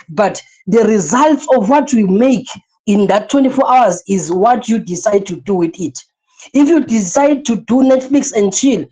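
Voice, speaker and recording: A woman's voice: medium pitch, mellow, poor audio. A woman teaching an online class, lecturing with energy, repeating her points and asking the listeners rhetorical questions.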